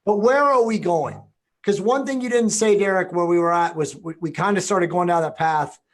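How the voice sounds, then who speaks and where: A man with a rather high voice hosts a loose spiritual conversation. He rambles through his questions and leans on fillers like "um" and "you know." His delivery is casual and unhurried. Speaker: podcast host.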